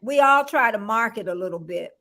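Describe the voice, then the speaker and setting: A woman's voice: on the high side, animated, a little fast, fairly bright tone. An older woman from Florida hosting a casual livestream, chatting with a guest and greeting viewers by name with frequent laughter. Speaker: livestream host.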